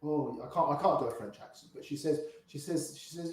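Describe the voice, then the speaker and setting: A man's voice: on the high side, brisk. An older man with grey hair telling poker anecdotes in an interview, acting out the voices of people in his stories. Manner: anecdotal, acts out quoted voices. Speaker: poker player guest. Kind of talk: storytelling interview. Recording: echoey room.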